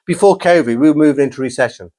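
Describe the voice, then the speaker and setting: A middle-aged man from England, talking as a podcast guest in an animated, enthusiastic storytelling manner. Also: a little high, rapid-fire, dry recording. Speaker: podcast guest, college principal. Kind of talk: casual podcast interview.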